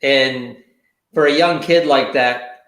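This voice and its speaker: A man's voice: mid-range voice, takes it slowly, a bit bright. Laid-back rambling man in an echoey room. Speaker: show co-host. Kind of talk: casual chat.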